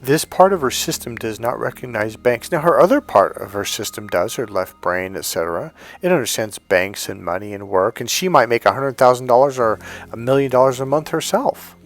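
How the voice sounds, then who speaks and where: A man's voice: medium pitch, expressive, brisk, faint music behind. A middle-aged man coaching on dating, telling stories bluntly, swearing freely and acting out both sides of conversations. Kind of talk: storytelling to camera.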